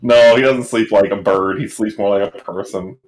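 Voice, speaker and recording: A man's voice: on the low side, normal speed, poor audio. A man playing a tabletop game, joking and mock-indignant with his friends. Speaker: player. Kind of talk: casual tabletop play.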